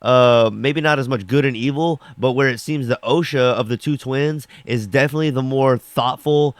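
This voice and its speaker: A young man at a moderate pace and medium pitch recaps a TV episode casually, acting out characters' dialogue. He rambles, using many fillers and saying "like" a lot, and there's no room sound.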